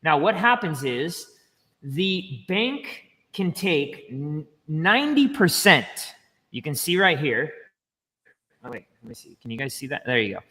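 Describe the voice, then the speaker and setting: A man explaining banking step by step in casual livestream chat, chatty and quick to laugh. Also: on the high side, big pitch swings, sharp tone, in a large hall. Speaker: finance educator guest.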